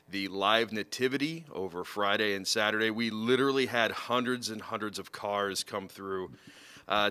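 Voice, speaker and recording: A man giving an upbeat school announcement in an informal manner. His voice is bright and clear, and it sits a little low. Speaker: school staff guest.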